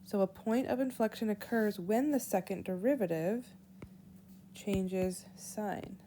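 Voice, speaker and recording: A woman teacher giving a whiteboard math lesson, walking through each step slowly and aloud. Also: mid-range voice, warm tone, a little hiss or hum. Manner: slow, deliberate, walks through steps aloud. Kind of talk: whiteboard lesson explaining calculus.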